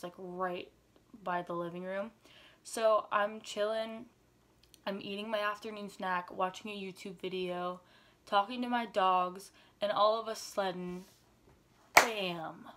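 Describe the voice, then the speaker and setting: A woman's voice: medium pitch, fairly bright tone. A teenage girl vlogger telling a dramatic personal story in a chatty way, full of "like", sometimes dropping to a whisper. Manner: drops to whispers for tense moments. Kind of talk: storytime vlog.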